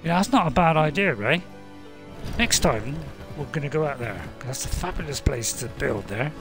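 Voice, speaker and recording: A man narrates his game in a loose, jokey way, chatting to himself and cheering on his little units. His voice sits a bit high and bounces up and down a lot. Game music plays clearly behind him. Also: lively intonation, moderate pace, fairly bright tone. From Britain. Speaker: gaming video host. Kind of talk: casual game commentary.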